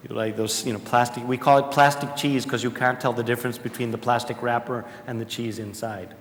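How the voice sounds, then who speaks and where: A man giving an animated, jokey conference talk and addressing the audience directly. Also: medium pitch, a little fast, slight background noise. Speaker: conference speaker. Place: large conference hall. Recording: echoey hall with long reverb.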